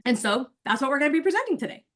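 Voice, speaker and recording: A woman in her forties speaks over a video call with a slightly high, bright-toned voice. She is animated and chatty, talking straight to her listeners as a coach would. Her manner shifts into rehearsing a prepared speech. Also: very fast. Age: 40s. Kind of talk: casual chat, then rehearsing a speech.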